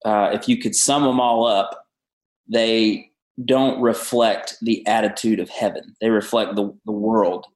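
A man with a Southern American accent, a pastor explaining his sermon in a podcast interview with an earnest preaching cadence. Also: medium pitch. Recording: roomy echo.

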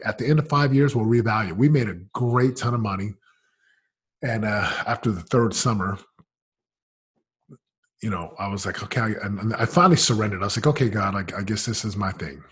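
A man, a business coach, telling his story in a casual, energetic way, full of "man" and "like", swinging between loud excitement and quiet murmurs. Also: fairly low pitch, slightly rough. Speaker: business coach, interview guest.

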